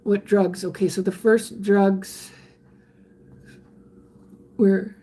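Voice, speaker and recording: An older woman, chatting candidly on a live stream and answering viewer comments in a halting way, often restarting her sentences. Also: mid-range voice, flat delivery, mellow. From Canada. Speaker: livestreamer reading viewer comments. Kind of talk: casual live-stream chat.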